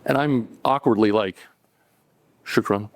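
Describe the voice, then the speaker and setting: A man's voice: medium pitch, lively intonation, moderate pace, darkish tone, slight background noise. Man telling a story live, conversational. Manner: conversational, acting out dialogue, chuckling between lines. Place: cafe event stage.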